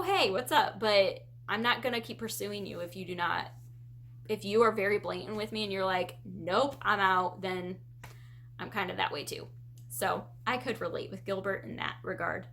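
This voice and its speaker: A woman and parent chatting casually through a book tag as a vlogger, lively and acting out her quoted reactions. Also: medium pitch. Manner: animated, acts out quoted reactions.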